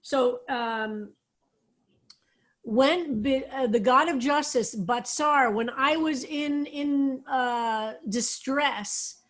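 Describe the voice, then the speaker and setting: A woman's voice: sits high, drawn-out words, fairly bright tone. A woman rabbi leading an online psalm study, explaining Hebrew words and roots on a video call. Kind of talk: online Bible study class.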